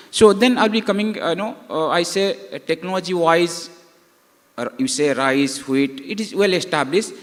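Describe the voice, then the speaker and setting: Higher-pitched panel moderator. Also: male voice. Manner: hesitant, leans on "you know". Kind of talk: panel discussion. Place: conference hall. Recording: reverberant conference hall.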